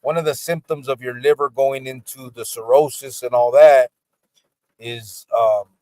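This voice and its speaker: A man's voice: mid-range voice, steady tone, unhurried, warm tone, no echo. A man hosting a casual livestream from a car in the rain, laid-back and swearing easily. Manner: laid-back, reads viewer comments aloud, swears casually. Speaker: podcast host.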